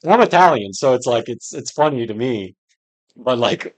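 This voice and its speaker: A man's voice: medium pitch, expressive, normal speed. A young man chatting casually on a livestream, rambling and joking with lots of fillers. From United States. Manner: rambling and jokey, lots of "like" and laughing. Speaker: streamer.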